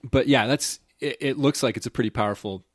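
A man hosting a podcast, chatting casually, opinionated and quick to laugh. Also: medium pitch, dry recording, clean studio sound. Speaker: podcast host. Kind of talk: casual chat.

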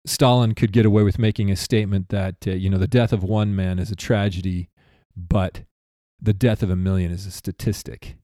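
A man's voice: low voice, a little fast, hardly any pauses, no echo, clean studio sound. A man hosting a podcast, talking casually and rambling a little, often stopping to correct himself. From United States. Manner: rambling, self-correcting, animated aside. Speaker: podcast host. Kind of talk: casual chat.

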